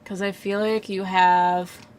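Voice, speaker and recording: A woman's voice: medium pitch, little pitch movement, takes it slowly, darkish tone, slight background noise. A woman giving live psychic readings in a casual livestream chat, full of "like" fillers, frequent laughs and casual swearing.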